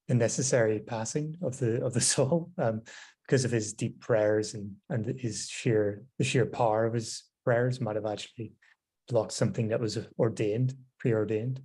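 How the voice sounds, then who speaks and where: Husky man musing in discussion. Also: medium pitch, dark tone. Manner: reflective, many fillers. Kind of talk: casual group discussion.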